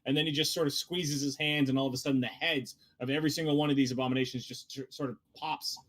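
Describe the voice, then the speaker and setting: A man's voice: medium pitch, fairly even intonation, fast talker, a bit bright. A man running a tabletop game as game master, narrating loosely with many fillers.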